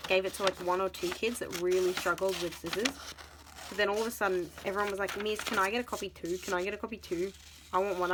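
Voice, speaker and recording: A woman's voice: mid-range voice, very noisy. A young woman chatting casually to camera, rambling and incredulous, with laughing asides. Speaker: vlogger.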